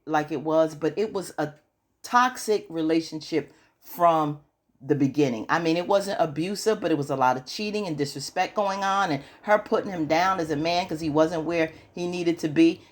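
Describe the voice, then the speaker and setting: A woman with a low voice hosts a casual recap of a TV drama episode. She talks in an animated way and voices the characters' lines as she retells each scene. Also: moderate pace. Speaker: TV show recap host.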